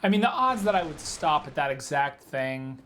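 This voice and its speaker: A man's voice: a little high, animated, moderate pace, bright, forceful tone, a little hiss or hum. Rambling man gaming. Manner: rambling storyteller, heavy filler words. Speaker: let's play gamer. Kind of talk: casual gameplay commentary.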